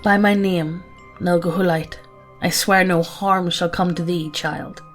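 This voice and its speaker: Creepy male forest monster, raspy and low-voiced, slow archaic speech, voiced by a woman. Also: steady tone, soft background music, close to an everyday voice. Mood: menacing. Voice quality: rough, raw, rasping.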